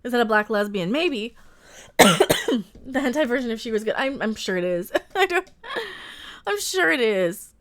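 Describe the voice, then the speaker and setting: A woman hosting a casual live reaction stream, sarcastic, laughing often and bursting into loud exclamations. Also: on the high side, lively intonation, moderate pace, long pauses. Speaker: livestream host reacting to a trailer.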